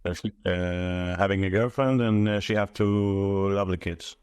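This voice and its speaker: A man speaking halting non-native English as an interview guest, hesitant with many fillers, on a phone. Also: sits low, steady tone, a little mellow, clear, resonant tone, no echo. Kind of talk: casual interview chat. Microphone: mobile phone.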